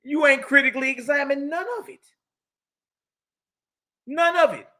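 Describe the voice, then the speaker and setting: Mocking high-voiced man lecturing. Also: moderate pace. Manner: mocking, preachy, slangy and lively, reads passages aloud then riffs. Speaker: teacher. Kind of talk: animated religious lecture reading from a book.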